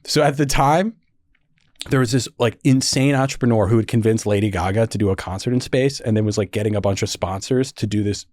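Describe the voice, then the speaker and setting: Animated young man telling stories. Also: lowish voice, brisk, no echo, clean studio sound. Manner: animated, laughing storyteller with lots of fillers. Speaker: podcast guest. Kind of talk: casual storytelling interview.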